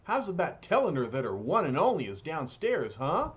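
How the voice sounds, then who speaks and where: A man voicing a gruff, hot-headed, jealous strongman who talks in tough street slang. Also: fairly high pitch, huge pitch swings, normal speed. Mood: brash. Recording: dull lo-fi recording.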